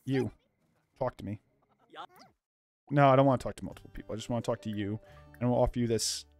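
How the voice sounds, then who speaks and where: Over soft background music, a young gaming YouTuber talks very fast in a mid-range, slightly mellow voice with fairly even intonation. He's doing casual let's play commentary on a life-sim game, playing the goof, calling himself loopy, and tossing jokes at viewers.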